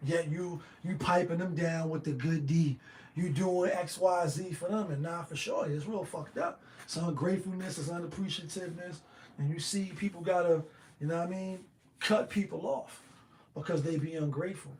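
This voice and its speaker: A man with a high voice delivers a loose, streetwise commentary monologue as host. He keeps checking in with "you know what I mean?" as he talks. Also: normal speed, a little mellow, a little hiss or hum, poor audio.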